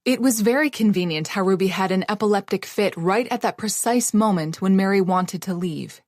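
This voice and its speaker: A woman narrating a novel aloud in a measured, even audiobook style. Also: mid-range voice, no echo, clean studio sound.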